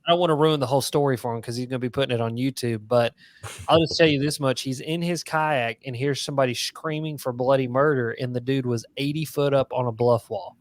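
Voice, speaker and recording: A man's voice: medium pitch, fairly even intonation, quick pace, no echo. A man from Tennessee, chatting casually and rambling through stories on a live fishing stream. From Tennessee, USA. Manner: laid-back, rambling storyteller.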